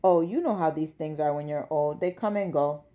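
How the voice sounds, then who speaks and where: A woman puts on a jovial elderly Jamaican man who has lived in England for decades, teasing his daughter in patois-tinged phrasing. His voice sits a touch low and carries a good-humoured chuckle throughout a read-aloud story. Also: moderate pace, highs cut off, lightly acted. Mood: cheerful.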